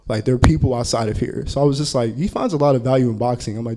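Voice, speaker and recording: Man with a mellow voice, telling a story. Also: mid-range voice, fast talker. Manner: casual, heavy use of filler "like". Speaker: college counseling instructor. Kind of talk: storytelling at a panel talk.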